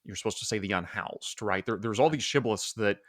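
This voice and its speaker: A man hosting a podcast speaks in a slightly low voice, thinking aloud and feeling for the right words. He is from Oklahoma and keeps the conversation casual. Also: a little fast, fairly bright tone. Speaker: podcast host. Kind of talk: casual interview talk.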